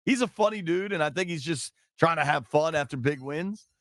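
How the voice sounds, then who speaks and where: A man hosting a sports radio show, chatting excitably with callers and his co-host in a studio. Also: a little high, a little fast, no echo. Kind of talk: sports talk radio chat. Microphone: studio microphone.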